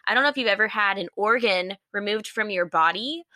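A young woman co-hosting a casual chat, her voice bright and forward. She tells the story with animated exasperation and frequent laughter. The recording is dry and close, with almost no room sound. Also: mid-range voice, fairly quick, no echo. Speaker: podcast co-host.

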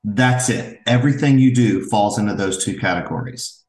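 Man, middle-aged, earnest storyteller, lowish voice, echoey room. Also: moderate pace, a little mellow, soft background music. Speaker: podcast guest, father. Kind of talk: reflective interview talk. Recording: roomy echo.

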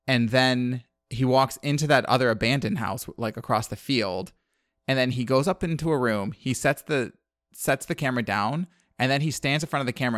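An animated podcast co-host recaps a movie in casual chat, acting out the characters' lines. His pitch is medium and the recording is dry.

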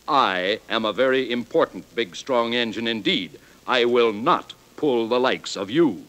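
A man's voice: mid-range voice, unhurried, fairly bright tone, lightly acted, poor audio. A man voicing a proud, boastful big male steam engine on an old children's story record. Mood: haughty. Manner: boastful, disdainful. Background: music.

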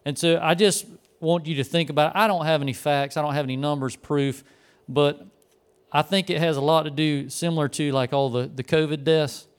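Pastor guy rambling through a story, smooth clear voice, kinda high. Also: steady tone, fairly quick. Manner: rambling, folksy, self-correcting. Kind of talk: conversational sermon with storytelling.

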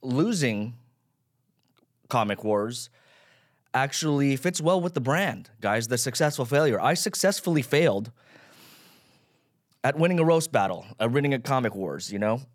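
A man's voice: medium pitch, lively intonation, moderate pace, pauses often. A man in his thirties hosting his own podcast, ranting casually about himself, swearing and rambling. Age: 30s. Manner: self-deprecating, swearing, rambling. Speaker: podcast host. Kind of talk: casual solo rant.

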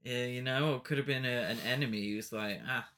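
A man's voice: medium pitch, fairly quick, fairly bright tone. A man co-hosting a podcast, chatting casually about a film with rambling, jokey asides and frequent laughs. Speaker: podcast co-host. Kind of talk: casual film review chat.

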